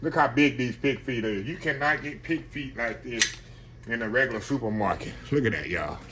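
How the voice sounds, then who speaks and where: This cooking channel host has a mid-range, animated voice and a moderate pace, set against a noisy background. Demonstrating a dish casually at home, he's chatty and folksy and keeps saying "y'all" to his viewers.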